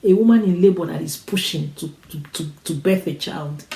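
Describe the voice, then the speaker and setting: A woman's voice: lowish voice, normal speed, vocal fry, mellow, echoey room, low-quality recording. A woman giving a motivational talk, urging listeners on with repeated, preacher-like phrases. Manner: repetitive, urging, preacher-like cadence. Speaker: motivational speaker.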